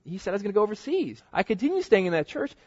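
A man preaching a sermon, telling personal stories in a casual, slangy, animated way. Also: high voice, rapid-fire. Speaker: pastor. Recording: dull lo-fi recording.

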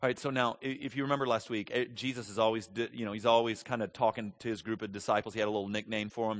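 A man preaching a sermon in an animated, conversational way, moving between quiet asides and loud, emphatic stretches. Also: on the low side, racing, few pauses. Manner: conversational, with frequent restarts. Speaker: pastor.

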